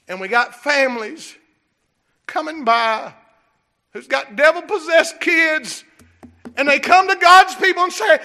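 A man preaching a sermon, swinging from low, steady talk into fiery shouting. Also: normal speed. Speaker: pastor.

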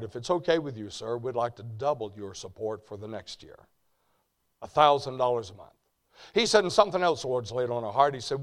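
An older man preaching a sermon, telling folksy stories that drop quiet and then rise to loud shouts. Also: medium pitch. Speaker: preacher and ministry president. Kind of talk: storytelling sermon.

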